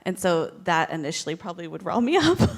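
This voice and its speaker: A woman in a church discussion group, speaking earnestly and filling pauses with "like". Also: lowish voice, sing-song. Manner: earnest, many fillers. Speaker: class participant.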